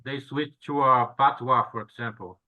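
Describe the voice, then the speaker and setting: A man's voice: mid-range voice, fairly even intonation, moderate pace, phone-quality sound. A man from Brazil, a student in a casual video call chat, speaking in brief, plain, agreeable phrases.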